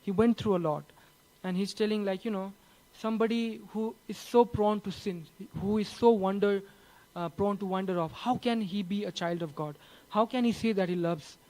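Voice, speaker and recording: A man giving a conversational sermon, often saying "you know" between thoughts and slowing down to read a letter with earnest weight. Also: high-pitched, dark tone, low-quality recording. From Nepal. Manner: slow, earnest reading of a quoted letter. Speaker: preacher. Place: church.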